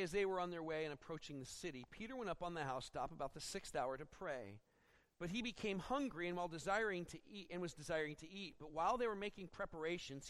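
High-voiced preaching man. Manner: expository preaching with acted-out quotes; animated, rising when dramatizing. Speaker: pastor. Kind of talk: sermon.

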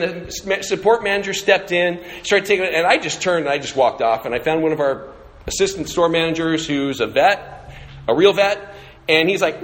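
High-voiced preacher in an echoey hall. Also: male voice, fairly quick, fairly bright tone. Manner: conversational storytelling. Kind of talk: sermon. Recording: echoey hall with long reverb.

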